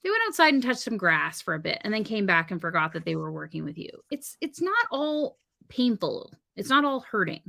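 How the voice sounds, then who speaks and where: A woman co-hosting a casual live-stream conversation, telling animated stories and acting out the exchanges she describes. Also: medium pitch, a little fast, creaky. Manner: animated storytelling, acts out quoted exchanges. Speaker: podcast co-host and wedding officiant. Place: home studio on a live stream.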